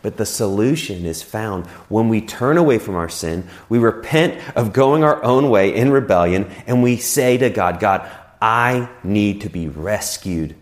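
A man preaching a sermon in a church, earnest, swinging between rising emphasis and quiet, slow prayer lines. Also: on the low side, animated. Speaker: pastor.

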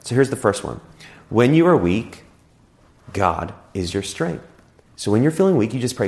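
A man preaching a sermon in a church, earnest, swinging between rising emphasis and quiet, slow prayer lines. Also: mid-range voice, big pitch swings, vocal fry. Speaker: pastor.

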